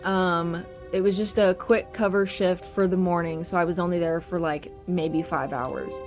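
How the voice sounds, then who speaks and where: Her voice is lowish and steady at a normal speed as this young woman chats through a spooky personal tale, profane and laughing, in a casual social-media style. Faint spooky piano music plays behind her.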